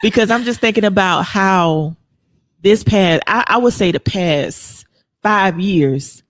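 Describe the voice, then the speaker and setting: Woman, faith podcast host, animated preacherly talk, dry close sound. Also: mid-range voice, a little slow, dry recording. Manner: animated, preacherly, reads listener comments aloud.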